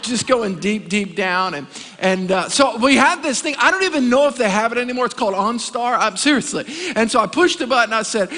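A man's voice: very high voice, normal speed, big-room sound. A man, a pastor preaching a sermon and telling stories with comic asides. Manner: animated storytelling with comic asides. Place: church sanctuary.

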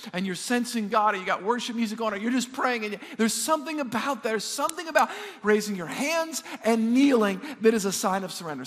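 A man's voice: sits high, a bit bright. A male pastor preaching a sermon to a live congregation. He stumbles and repeats words as he builds toward each point, and he calls out questions to the room. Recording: long hall reverb.

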